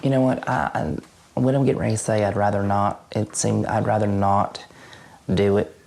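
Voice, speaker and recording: A man playing an awkward adult twin brother in a mock documentary interview, halting and rambling, his voice jumping high. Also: little pitch movement, gravelly, darkish tone. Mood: evasive.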